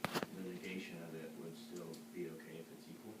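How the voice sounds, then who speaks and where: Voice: low voice, little pitch movement, a little fast. A student answering the teacher in class, speaking hesitantly as if thinking aloud. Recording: distant student voice in an echoey classroom, heavy noise.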